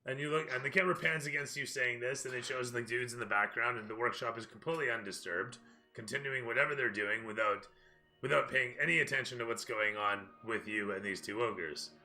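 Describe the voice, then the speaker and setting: A man's voice: medium pitch, fairly even intonation, a little fast, sharp tone, faint music behind. A man narrating a tabletop game as dungeon master in a casual way, with many fillers.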